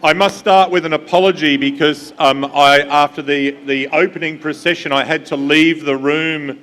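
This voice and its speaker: A man's voice: a little high, fairly even intonation, moderate pace, a bit bright. A man giving a conference keynote, friendly and engaging the audience, with frequent fillers. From Australia. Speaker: invited speaker. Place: large conference hall. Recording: long hall reverb.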